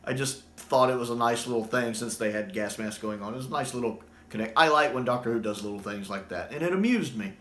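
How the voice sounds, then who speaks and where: A man in casual fan commentary, enthusiastic and animated whenever he repeats a favorite line. His voice sits mid-range. The room around him is echoey. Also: mid-range voice, quick pace. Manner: enthusiastic, animated when quoting lines. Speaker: YouTube commentator. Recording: roomy echo.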